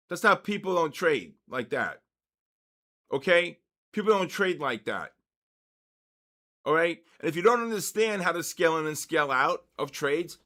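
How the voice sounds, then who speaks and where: Male, 60s, veteran trading host; slightly raised pitch, forceful lecturing delivery with constant check-ins. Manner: emphatic, lecturing, repeats points with "okay?" and "all right?". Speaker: trading educator hosting a live session. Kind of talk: live-streamed trading lecture.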